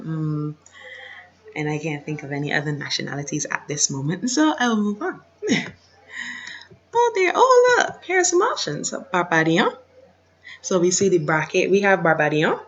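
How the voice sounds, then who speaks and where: A woman teacher, patiently running an online French lesson and repeating words slowly, recorded on a computer mic. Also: deep voice, highs cut off, a little hiss or hum. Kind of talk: online lesson over shared slides.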